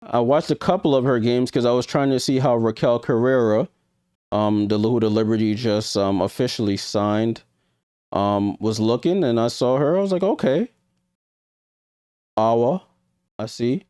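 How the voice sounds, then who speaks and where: A man's voice: mid-range voice, moderate pace, darkish tone, clean tone, no echo, clean studio sound. A man with a New York accent hosting a live stream, giving casual reaction commentary, thinking aloud and talking to his viewers with hesitant ums. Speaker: livestream host.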